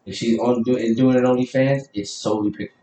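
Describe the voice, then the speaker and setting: A man's voice: mid-range voice, steady tone, brisk, dark tone. Brief: male podcast co-host, blunt and profane banter, distant mic, roomy echo. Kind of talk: casual podcast chat. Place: room with a live video stream. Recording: echoey room, mic at a distance, faint hiss.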